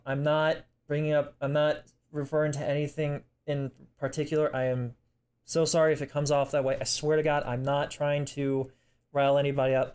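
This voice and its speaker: Young man, personal vlog; halting, apologetic delivery with restarts, emotional to the point of tears. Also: a little high, a little mellow, clean tone. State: emotional, tearing up. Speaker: vlogger.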